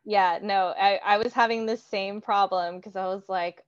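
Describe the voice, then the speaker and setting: A woman's voice: medium pitch, fairly even intonation, moderate pace, few pauses, no room sound, dull audio. A young woman guest on a book podcast chatting casually, playful and emphatic. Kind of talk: casual chat.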